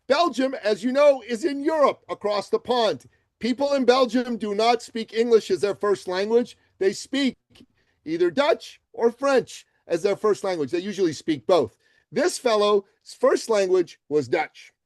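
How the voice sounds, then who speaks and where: High-pitched, emphatic man from Iran. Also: unhurried, no room sound. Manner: animated, emphatic, punchy delivery. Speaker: podcast guest. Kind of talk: energetic storytelling interview answers.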